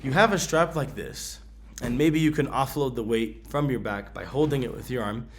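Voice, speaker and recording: Chill guy vlogging his packing gear, lots of ums, mid pitch, gets hyped now and then. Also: moderate pace, a little hiss or hum. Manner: laid-back, slangy, many ums, bursts of excitement. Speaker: travel vlogger. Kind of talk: casual gear demonstration.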